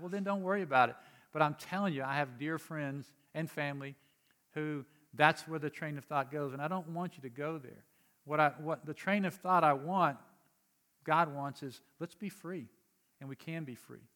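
A man preaching a sermon in a conversational way, moving from quiet explanation to emphatic urging. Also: on the high side, moderate pace. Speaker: pastor.

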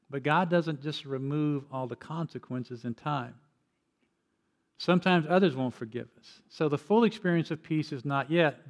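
An older man preaching a sermon as pastor, telling personal stories in an earnest way with frequent restarts. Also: on the high side.

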